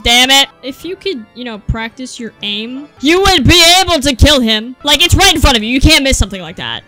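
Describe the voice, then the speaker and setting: High, lively young woman gaming. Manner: animated, yelling at the game, swings from mutters to shrieks. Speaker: gameplay streamer. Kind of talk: excited gameplay commentary. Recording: faint game music behind.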